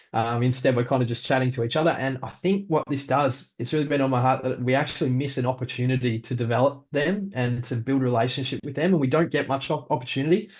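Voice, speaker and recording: A male pastor, giving a practical leadership talk in a relaxed, conversational way with frequent ums. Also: mid-range voice, dull audio.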